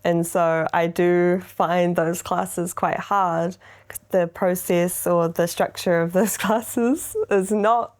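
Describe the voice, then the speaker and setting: A woman's voice: on the low side, slow pace. A young woman with a New Zealand accent co-hosting a casual podcast chat, telling stories with lots of laughter. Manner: laughing, animated storyteller. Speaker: co-host.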